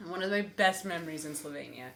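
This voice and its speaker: A woman's voice: sits low, fast talker, creaky, a little hiss or hum. A young woman chatting casually on her vlog, telling stories and acting out other people's voices. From United States. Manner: animated storytelling, acting out voices. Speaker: vlogger. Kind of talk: casual chat.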